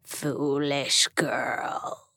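A woman voicing a menacing fanged male demon in a low, breathy, growling whisper, as whispered role-play in an audiobook story. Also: steady tone, drawn-out words, bright, forceful tone, no room sound, studio quality, exaggerated voice. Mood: gloating.

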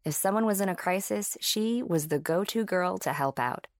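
A woman's voice: fairly low pitch, expressive, moderate pace, no echo. Woman narrating an audiobook, dry. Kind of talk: scripted narration.

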